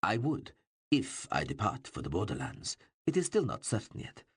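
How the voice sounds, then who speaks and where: A man voicing a grey-bearded older ruler who speaks with calm, measured authority in an audiobook. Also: lowish voice, breathy edge, dry recording, heavily acted. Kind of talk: audiobook character voice.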